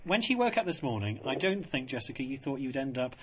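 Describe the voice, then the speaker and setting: A man's voice: medium pitch, very animated, brisk, fairly bright tone, a little hiss or hum. A man hosting a radio show from a studio, laughing as he introduces guests. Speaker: radio host.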